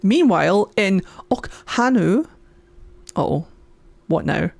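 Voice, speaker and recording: A woman's voice: mid-range voice, animated, slow, vocal fry, darkish tone, no room sound. A woman streamer giving rowdy, gushing commentary as she plays a game. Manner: rowdy, gushing, cheering at the screen. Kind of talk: excited let's play commentary.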